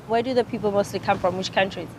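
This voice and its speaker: A woman's voice: mid-range voice, steady tone, fast talker, darkish tone, slight background noise. A woman co-hosting a travel show outdoors in a seaside village, chatting in a bubbly, teasing way. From South Africa. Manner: bubbly, teasing, laughs often. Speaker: co-host. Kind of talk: casual travel chat.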